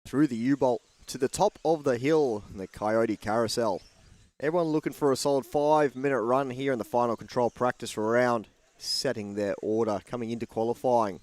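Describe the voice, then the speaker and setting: A man giving play-by-play race commentary with steady lap calls. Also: mid-range voice, moderate pace, no room sound.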